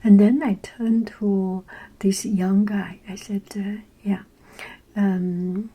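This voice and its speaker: A woman talks in a soft, breathy whisper. She speaks slowly and unhurriedly, and her mellow tone stops often on "uh" and "um" while she hunts for the right word. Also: mid-range voice, fairly even intonation, poor audio. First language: Chinese. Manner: halting, many fillers and searches for words. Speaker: vlogger. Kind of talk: whispered casual storytelling.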